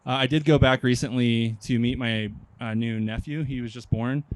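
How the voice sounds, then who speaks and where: A young man from Nebraska doing a stand-up comedy set, deadpan and hesitant, with many pauses and ums. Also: medium pitch, dry recording. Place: outdoor park stage.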